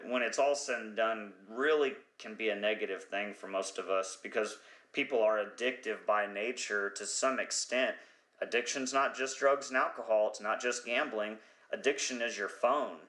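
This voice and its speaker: A man's voice: medium pitch, a bit bright, roomy sound. A man hosting a podcast, talking in a rambling, profane comedic monologue who sometimes loses his train of thought. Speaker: podcast host.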